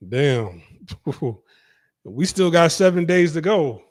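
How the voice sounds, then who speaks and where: A man's voice: a little high, lively intonation, slow, a little mellow, no echo. Laid-back male host, dry close sound. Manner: laid-back, reacts with short exclamations. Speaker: podcast host. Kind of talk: casual interview chat.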